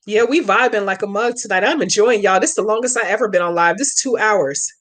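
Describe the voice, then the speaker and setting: A woman's voice: mid-range voice, quick pace, a bit bright. A woman hosting a live Q&A as a hoodoo practitioner, chatting brashly and profanely with viewers and walking them through a spell step by step. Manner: slangy, emphatic instructions. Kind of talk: casual livestream Q&A and spell tutorial.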